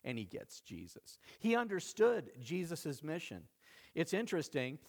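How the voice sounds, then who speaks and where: A male pastor preaching a sermon with animated, dramatic storytelling, acting out the quotes. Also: on the high side, measured pace.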